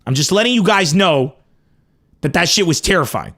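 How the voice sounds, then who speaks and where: A man from Lebanon telling a crude comic story with animated, profane emphasis. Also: on the high side, moderate pace. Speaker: comedian host. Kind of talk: comedic storytelling.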